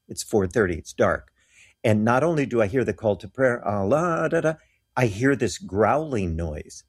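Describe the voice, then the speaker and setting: Low husky man telling a story. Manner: earnest, acts out quoted voices. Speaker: guest telling of mission trips. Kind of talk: animated personal storytelling.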